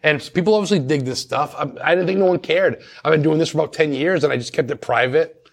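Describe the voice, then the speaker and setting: A man's voice: a little high, quick pace, gravelly. A man talking as a paranormal investigator guest in a casual interview, chatty and rambling with many restarts.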